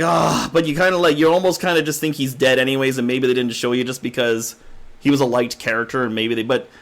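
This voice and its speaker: Excitable man reviewing movies. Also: on the high side. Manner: excitable, laughs often, acts out his reactions. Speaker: podcast co-host. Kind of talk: casual movie review chat.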